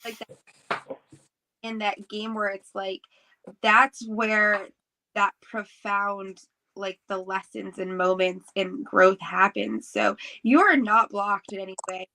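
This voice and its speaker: A woman's voice: mid-range voice, fairly even intonation, creaky, pushed and bright, poor audio. A woman giving casual spiritual advice on a live stream, chatty, full of "like" and "right?". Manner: chatty, fast, many "like"s and "right?"s. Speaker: co-host and reader.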